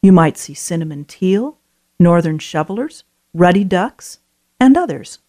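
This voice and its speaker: A woman's voice: fairly low pitch, expressive, measured pace, noisy background. Woman narrating a wildlife auto tour. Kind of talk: scripted audio tour narration.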